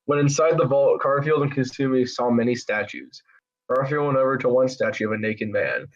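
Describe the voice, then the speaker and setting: A man hosting a podcast, reading fan fiction aloud in a deadpan, mock-serious way, on a dull lo-fi recording. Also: medium pitch, brisk. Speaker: podcast host.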